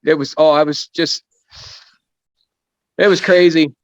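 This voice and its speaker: A man's voice: on the high side, fairly even intonation, a little slow, no room sound, dull audio. A man in his fifties, a guest racing driver on a casual podcast, telling stories in a rambling, self-deprecating way. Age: 50s.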